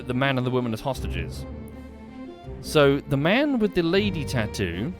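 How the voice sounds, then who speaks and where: A man streaming a game, thinking aloud and questioning the characters on screen. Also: medium pitch. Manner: musing aloud, talking to characters. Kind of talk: live game commentary.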